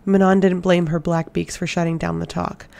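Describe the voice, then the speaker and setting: A woman reading a fantasy novel aloud, keeping her delivery steady and level. Her voice is dark and mellow, with a gravelly texture. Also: fairly low pitch, normal speed. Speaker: audiobook reader. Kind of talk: audiobook narration.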